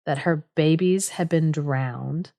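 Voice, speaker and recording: A woman co-hosting a podcast, chatting casually as she retells a folk tale, animated and full of quick asides. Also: low voice, gravelly, no room sound, clean studio sound. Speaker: podcast co-host.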